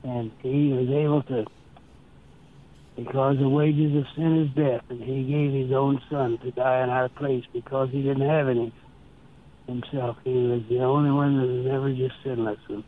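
Older man telling stories over a tinny line. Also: mid-range voice. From Nebraska. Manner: slow, earnest storytelling with quoted dialogue. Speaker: interview guest. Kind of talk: storytelling interview.

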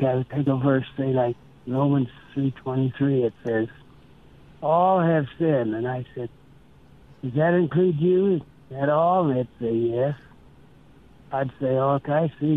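Older man telling stories over a tinny line. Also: medium pitch. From Nebraska. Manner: slow, earnest storytelling with quoted dialogue. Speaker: interview guest. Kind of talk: storytelling interview.

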